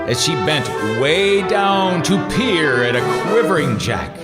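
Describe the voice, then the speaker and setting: A man narrating a storybook at a live orchestra concert in a slow, expressive storytelling manner. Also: fairly high pitch, big-room sound, loud music behind the voice. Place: concert hall.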